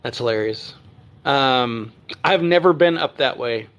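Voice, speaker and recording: A man's voice: mid-range voice, a little slow, a bit bright. A middle-aged man hosting a casual livestream, chatting with viewers in a rambling way with many fillers and restarts. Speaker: livestream host. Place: home, living in Texas. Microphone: phone or webcam on a livestream.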